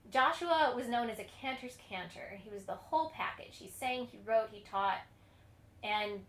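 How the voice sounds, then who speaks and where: Woman cantor, history lecture, chatty storyteller who laughs often; mid pitch, echoey room. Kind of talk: online lecture on music history.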